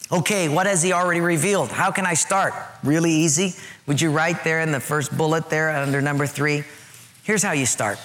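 A middle-aged man preaching a sermon in a lively, conversational way with humor. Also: a little high. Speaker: pastor.

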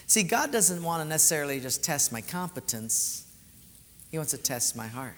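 At a moderate pace, a male pastor with a somewhat high voice tells animated stories in his sermon, alternating loud outbursts with quiet, intimate moments. The church hall adds a long trailing reverb, and there is slight background noise.

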